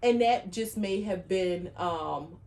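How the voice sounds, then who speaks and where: A woman cohosting a podcast in casual chat, animated and peppered with "like". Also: fairly low pitch, slow, creaky. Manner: animated, frequent "like" fillers.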